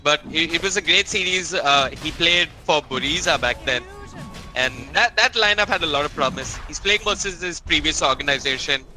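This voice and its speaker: Male esports caster with a high, bright voice who gets excitable in big fights. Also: normal speed, soft background music, low-quality recording. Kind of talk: live game commentary.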